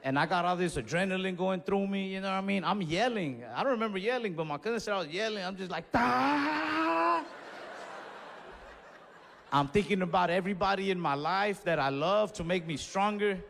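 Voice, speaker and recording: Guy doing standup, kinda high voice, swears a lot, yells out bits, long echo from a big room. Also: fast talker, creaky, hardly any pauses, a little hiss or hum. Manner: animated, with sudden shouted bursts; casual and profane. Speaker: stand-up comedian. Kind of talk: stand-up storytelling. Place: stage of a large venue, recorded live. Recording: reverberant live venue with faint ambience.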